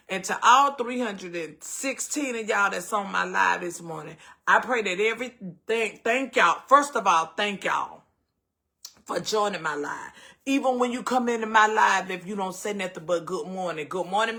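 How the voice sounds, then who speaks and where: A man with a Southern US accent hosting a morning live stream, warmly greeting viewers by name, calling everyone baby and breaking into whoops and shouts. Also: sits high, gravelly.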